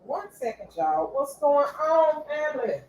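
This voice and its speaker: A woman's voice: sits high, big pitch swings, a little slow, darkish tone, a little hiss or hum. A middle-aged woman, hosting a laid-back livestream and greeting viewers as they join. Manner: greets viewers repeatedly, laid-back, coughs now and then. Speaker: livestream host. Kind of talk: casual livestream chat.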